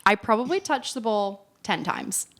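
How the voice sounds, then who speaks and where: A young woman with an Australian accent, co-hosting a casual podcast chat and telling animated stories, acting out other people's lines. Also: medium pitch, moderate pace. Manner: animated storytelling, acts out quoted voices, laughs often. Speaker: podcast co-host.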